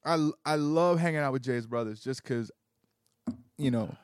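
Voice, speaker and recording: A man's voice: mid-range voice, normal speed, clear, resonant tone, no room sound, studio quality. A man co-hosting a podcast in casual chat, telling stories and acting out other people's lines. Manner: animated storyteller acting out quotes. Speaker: podcast co-host.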